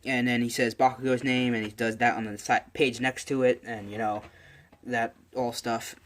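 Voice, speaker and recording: A man's voice: mid-range voice, flat delivery, moderate pace. A man casually narrating a fan story, rambling with lots of fillers and self-corrections. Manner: rambling, many fillers and restarts. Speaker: channel host.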